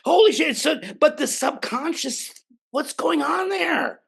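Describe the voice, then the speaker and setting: Gravelly, animated older man. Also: very high-pitched, unhurried. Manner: emphatic, swears freely, acts out quoted voices. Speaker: guest. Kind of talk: animated conversational storytelling.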